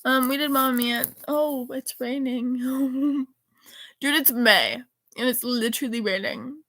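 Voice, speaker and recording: Unhurried, with a high, sharp-toned voice, a teen girl vlogger rambles casually while reading old text messages aloud and correcting herself.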